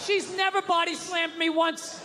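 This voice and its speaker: A man doing a stand-up comedy set, ranting with profanity and loud, exasperated bursts. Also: extremely high pitch, level tone, unhurried. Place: live comedy venue with audience. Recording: live show with crowd and noise.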